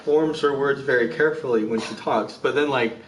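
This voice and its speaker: A man's voice: medium pitch, a little fast, highs cut off. A man chatting casually with family, telling funny stories through laughter and acting out the voices of the people in them. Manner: laughing storyteller, acting out voices in his anecdotes. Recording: echoey room with loud background noise.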